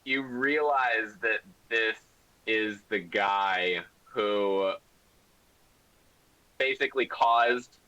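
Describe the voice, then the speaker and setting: A man's voice: fairly low pitch, drawn-out words, pauses often, pushed and bright, dull audio. A man narrating a tabletop game as game master, rambling with many fillers. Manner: rambling, full of "like" and "um".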